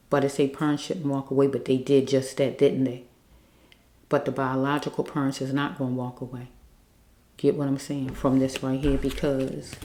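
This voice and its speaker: Low, mellow woman reading cards. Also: roomy sound. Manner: repetitive, keeps checking in with listeners; earnest, pleading. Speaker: card reader. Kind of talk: spiritual card reading monologue.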